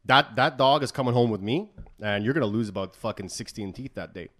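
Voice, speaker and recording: A young man co-hosting a podcast, telling stories in a profane, animated casual chat. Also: mid-range voice, a little fast. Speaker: podcast co-host.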